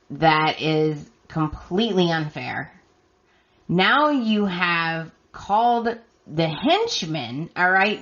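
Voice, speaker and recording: A woman hosting a podcast, recapping in an emphatic, exasperated way and talking straight to her listeners, her voice hoarse and scratchy. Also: on the low side, fairly bright tone, dull audio. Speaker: podcast host. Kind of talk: solo recap commentary.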